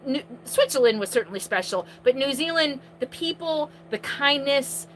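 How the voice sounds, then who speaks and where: A woman hosting a live question-and-answer stream from inside her RV, chatting casually and projecting her voice loudly. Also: sits high, lively intonation, moderate pace, a little hiss or hum, rough recording.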